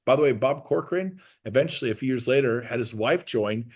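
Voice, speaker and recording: Middle-aged male speaker, brash and animated, acts out dialogue, average pitch. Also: brisk, hardly any pauses, slightly rough. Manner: brash, acts out quoted dialogue in jabbing bursts. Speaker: guest speaker. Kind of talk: animated storytelling talk.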